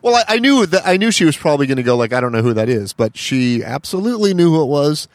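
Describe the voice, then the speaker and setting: A man's voice: on the high side, very animated, quick pace, no room sound. A man co-hosting a podcast, casually telling a story and acting out both sides of a phone call. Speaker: podcast co-host.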